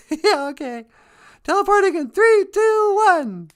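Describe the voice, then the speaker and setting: A woman's voice: high-pitched, unhurried, background noise. Give me a playful, mock-flustered woman co-host, heard away from the mic.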